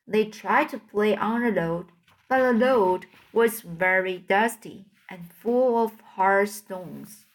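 A woman reads a fairy tale aloud at a slow, careful pace. She trips over hard names and restarts her phrases, correcting herself as she goes. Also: mid-range voice. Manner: slow, halting, with slips and self-corrections. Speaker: audiobook reader.

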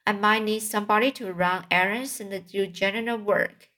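A woman voicing a wise, gentle female spider speaking softly in a storybook reading. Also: medium pitch, steady tone, natural voice. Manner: soft-spoken, measured.

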